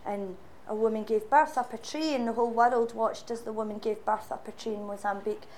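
A woman voicing a young refugee boy who quietly recounts a disaster. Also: fairly high pitch, steady tone, brisk, a little hiss or hum, lightly acted. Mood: solemn. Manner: quiet, grave telling. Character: solemn young refugee boy telling of loss.

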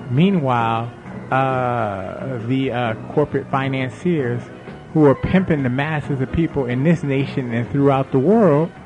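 Slow, deliberate male commentator with music underneath. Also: medium pitch, darkish tone, highs cut off.

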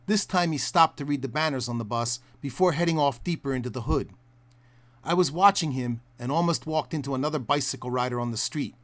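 A man narrating a documentary report, his voice sitting a little high and moving a lot in pitch. He tells the story at a measured pace.

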